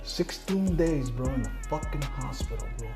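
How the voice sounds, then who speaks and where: A man's voice: mid-range voice, animated, normal speed, over music. A middle-aged man telling his story in a casual interview, blunt and heavy on swearing, acting out the people he quotes. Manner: profane, blunt storyteller who acts out quoted dialogue.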